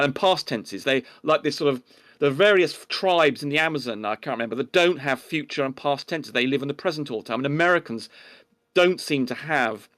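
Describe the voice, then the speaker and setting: A man's voice: medium pitch, fairly bright tone. A man with an English accent in a casual online debate, talking in a pedantic, indignant way that rambles with restarts.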